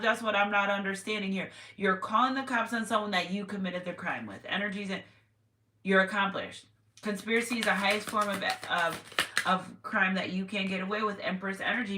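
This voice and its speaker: Speaking at a medium pitch with a sharp tone, a woman gives her viewers a casual tarot reading. She's chatty and repetitive, with sudden exclamations. The room is echoey, with faint noise in the background.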